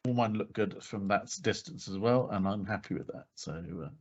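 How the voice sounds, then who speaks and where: A man's voice: lowish voice, normal speed, highs cut off. A man co-hosting a podcast in casual chat, talking loosely with fillers and frequent laughs. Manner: chatty, laughs often, many fillers. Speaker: podcast co-host.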